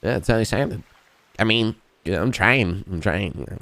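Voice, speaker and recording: A man's voice: lowish voice, normal speed, fairly bright tone, no room sound. A man talking in character during a roleplay game, rambling and swearing, padding his lines with "you know what I mean.". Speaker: roleplay gamer.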